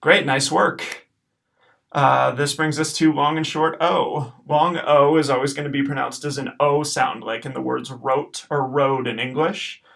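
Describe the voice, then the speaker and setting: A man teaches a recorded lesson, his voice carrying a gravelly rasp. He explains patiently and drags out each practice word slowly, cheering students on between drills. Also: mid-range voice, steady tone, a bit bright. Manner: patient, encouraging, slows to repeat words. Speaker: Latin teacher.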